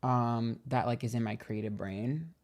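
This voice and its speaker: A man's voice: medium pitch, unhurried, darkish tone. Chatty young man gossiping on a livestream. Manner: chatty, gossipy, swears freely. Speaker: tarot reader and livestream host. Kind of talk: casual livestream chat.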